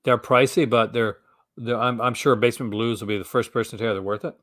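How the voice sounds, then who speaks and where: A man's voice: medium pitch, fairly even intonation, fast, fairly bright tone, dry recording, clean studio sound. A man with a Canadian accent, hosting a casual chat and rambling with frequent restarts. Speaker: host.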